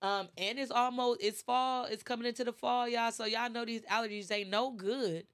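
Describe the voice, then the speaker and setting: A woman's voice: a little high, steady tone, normal speed, a bit bright. Congested chatty woman host. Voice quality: congested, nasal. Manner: chatty, rises to impassioned preaching. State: stuffy with allergies. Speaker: podcast host. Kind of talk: casual motivational talk.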